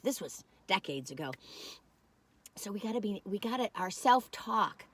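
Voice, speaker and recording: A woman's voice: mid-range voice, animated, moderate pace, breathy edge. A middle-aged woman, chatting and rambling in a folksy way while taste-testing food. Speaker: food reviewer. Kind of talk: casual taste-test chat.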